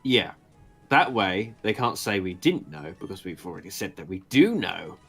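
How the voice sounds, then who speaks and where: A man's voice: deep voice, sing-song, moderate pace, slightly rough, faint music behind. A man with an English accent co-hosting a game stream, rambling and joking in casual banter.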